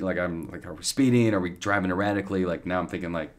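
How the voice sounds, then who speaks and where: A man in his thirties, a podcast guest, telling a long story in a casual, animated way with lots of restarts and fillers. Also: low-pitched, quick pace.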